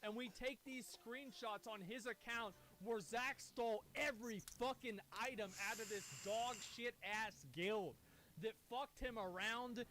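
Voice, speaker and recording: A man streaming, telling a profane, animated story and acting out the quoted dialogue. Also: extremely high pitch, unhurried. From United States. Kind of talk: casual storytelling to stream chat.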